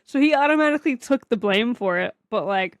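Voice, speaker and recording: A woman's voice: fairly high pitch, expressive, fairly quick, no room sound, clean studio sound. A woman co-hosting a comic book podcast, talking things through in a chatty, reflective way and often checking in with "right?". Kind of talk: casual chat about a comic.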